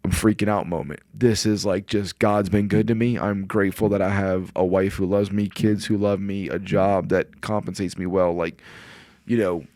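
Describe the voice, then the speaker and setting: Podcast guest, man in his forties, low voice, dry studio sound, earnest and rambling. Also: level tone, normal speed, darkish tone, no echo. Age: 40s. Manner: earnest, rambling, often quotes himself. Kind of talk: casual conversation.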